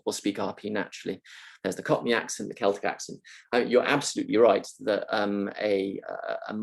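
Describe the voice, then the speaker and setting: Low gravelly man, hesitant lecturer. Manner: hesitant, many ums and uhs, thoughtful. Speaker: university lecturer answering questions. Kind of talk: live online Q&A, unscripted.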